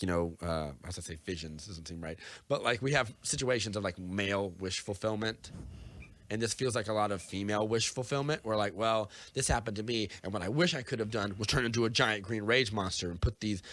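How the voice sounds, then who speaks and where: A man's voice: on the low side, a bit bright. Rambling young man on a podcast. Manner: rambling, lots of "like" and "or whatever". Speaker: podcast co-host. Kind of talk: casual chat.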